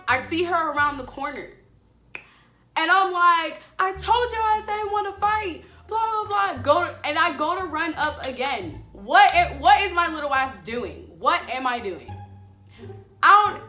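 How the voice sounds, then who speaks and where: Woman, casual storytime vlog, chatty and swearing, echoey room, faint music behind. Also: fairly high pitch. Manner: animated, chatty, addresses viewers as y'all; swears freely. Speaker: vlogger.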